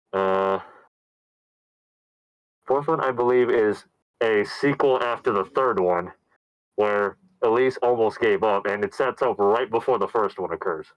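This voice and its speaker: A man casually recapping a horror movie on a podcast, telling the story with lively put-on voices. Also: no echo, muffled recording. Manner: animated storyteller, acts out characters in loud high voices. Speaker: podcast co-host.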